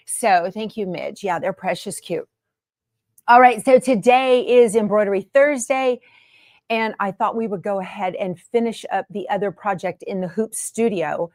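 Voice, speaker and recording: A woman's voice: medium pitch, no echo, studio quality. A woman hosting her sewing channel in a chatty, homey way from her sewing room. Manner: chatty and homey, many fillers. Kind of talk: casual chat to camera.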